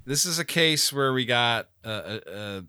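A man's voice: medium pitch, expressive, measured pace, music in the background. A man co-hosting a podcast in casual chat over a call, joking in a dry, wry way. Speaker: podcast co-host. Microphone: remote call recording.

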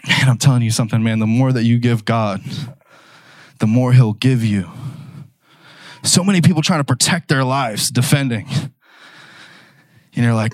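A young man preaching a fervent sermon, swinging from shouted declarations to slangy, casual asides. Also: mid-range voice, normal speed, long pauses, dry recording. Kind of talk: energetic sermon.

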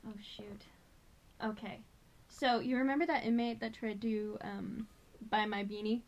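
A woman with a fairly high voice tells stories from her time as a prison officer. She is animated, curses freely, and slips into the voices of the people she describes. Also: moderate pace, dull audio. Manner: animated, swears freely, acts out quoted voices. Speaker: podcast co-host, former prison officer. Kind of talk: casual storytelling chat.

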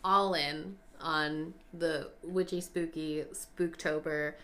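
A woman co-hosting a casual podcast, talking in a rambling, chatty way full of fillers. Her voice sits a little low but has a bright, crisp edge. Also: steady tone, slow pace, a little hiss or hum. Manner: chatty, lots of fillers and asides. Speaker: podcast co-host. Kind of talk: casual chat.

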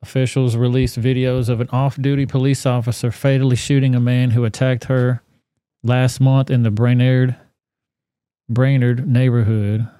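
A man hosting a podcast, commenting on a news video in a blunt, profane, animated rant. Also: medium pitch, normal speed, clear, resonant tone, dry recording. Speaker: podcast host.

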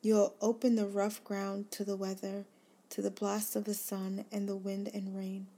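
A woman hosting a devotional, reading scripture aloud slowly and earnestly, then reflecting on it. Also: mid-range voice, monotone. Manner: slow, earnest, gently emphatic reading. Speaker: devotional host.

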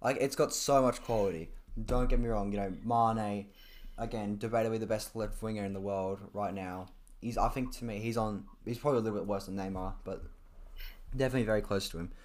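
A young man chatting casually about football, rambling with lots of fillers and restarts, his throat dry and often cleared. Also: fairly low pitch, steady tone, brisk, darkish tone. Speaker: football podcast co-host. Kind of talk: casual chat.

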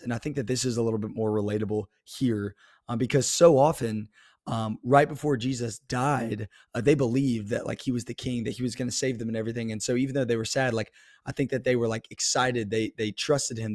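Young male podcast host, earnest faith talk, mid-pitched voice, dry close sound. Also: darkish tone, no echo. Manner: earnest, many fillers and restarts, laughs to himself.

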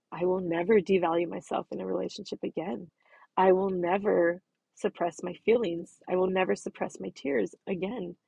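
Husky, earnest woman in her thirties. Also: mid-range voice, darkish tone, dry recording. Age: 30s. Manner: earnest, self-affirming, repetitive emphasis. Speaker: podcast host. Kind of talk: personal reflective monologue.

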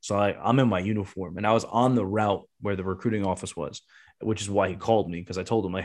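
A man's voice: fairly low pitch, fairly even intonation. A man in his thirties telling a rambling, profane story in casual chat. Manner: fast, rambling, lots of swearing and restarts. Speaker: podcast guest telling a story.

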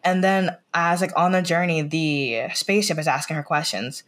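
A woman's voice: deep voice, normal speed, fairly bright tone. An American woman chatting as a podcast guest. She rambles, fills her talk with "like" and restarts, and retells scenes by quoting the lines. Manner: rambling, full of "like" fillers and restarts. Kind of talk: casual podcast chat.

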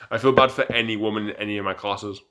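A young man co-hosts a casual podcast, a little tipsy and rambling. He keeps stumbling over his restarts, and his voice sits somewhat low. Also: steady tone, brisk, sharp tone. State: tipsy from drinking. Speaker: podcast co-host. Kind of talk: casual chat.

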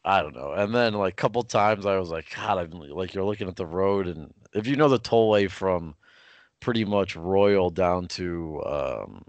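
Rambling man, low and dry. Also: expressive, normal speed, dry recording, highs cut off. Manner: rambling storytelling with many fillers and restarts. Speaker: podcast co-host. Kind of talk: casual sports podcast chat.

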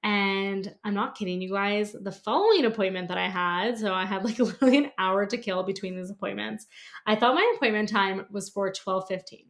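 A woman hosts her own podcast and talks straight to her listeners in a loose, storytelling way. She laughs easily, swears casually and keeps dropping "like" into her sentences. Her voice sits at an ordinary middle pitch. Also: brisk. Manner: chatty, laughs often, peppers speech with "like" and swearing. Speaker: podcast host and lash artist.

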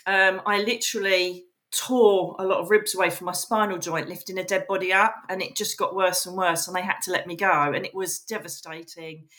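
Woman, podcast guest, animated storyteller who acts out quotes, sharp bright tone. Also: fairly low pitch, a little fast, few pauses. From England. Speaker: podcast guest, psychic medium. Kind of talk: casual interview storytelling.

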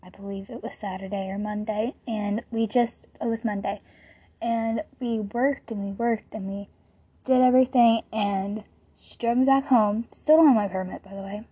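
A woman's voice: medium pitch, steady tone, moderate pace, mellow, breathy edge. A woman in her late teens hosting a podcast, telling stories in a loose, rambling way with lots of "like" fillers. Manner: rambling storytelling, full of "like" fillers. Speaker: podcast host. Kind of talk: casual podcast monologue.

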